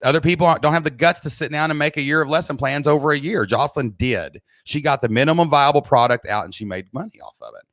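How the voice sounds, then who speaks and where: A man's voice: a little high, quick pace, few pauses, dry recording, clean studio sound. Blunt, pushy Southern man coaching live. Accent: Southern American. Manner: blunt, pushy, energetic pep talk. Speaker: online business coach. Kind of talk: live-streamed training session. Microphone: cheap desk mic at laptop.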